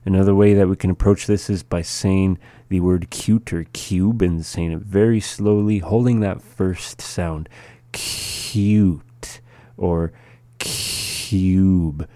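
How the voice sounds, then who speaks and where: A man teaching a language lesson, saying each word and then repeating it slowly and patiently for practice. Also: low voice, fairly even intonation, mellow, dry recording. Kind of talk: slow spoken language lesson.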